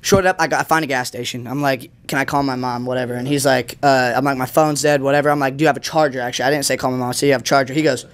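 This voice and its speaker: A young man guesting on a podcast spins a rambling tale in casual slang, full of fillers and acted-out quotes, retelling it dramatically. His mid-range voice holds a steady tone and a clean sound as he races along with few pauses.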